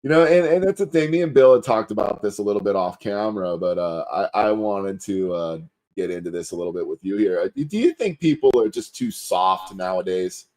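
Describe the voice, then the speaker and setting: A man with a fairly low voice co-hosts a casual talk stream. He is animated and opinionated, tripping over his restarts as he gets going. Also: a little fast. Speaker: co-host. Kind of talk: casual chat.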